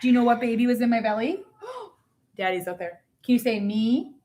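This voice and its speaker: Forties mom, fairly high-pitched, casual home-vlog delivery, teasing and sing-song. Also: female voice, big pitch swings, normal speed, warm tone. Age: 40s. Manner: playful, teasing, sing-song with her child. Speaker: mother vlogging.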